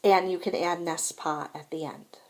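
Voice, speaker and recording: A woman's voice: lowish voice, fairly even intonation, normal speed, darkish tone. Patient woman teaching French grammar. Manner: patient, repeats "so again" and "okay?". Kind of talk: recorded lesson explaining grammar.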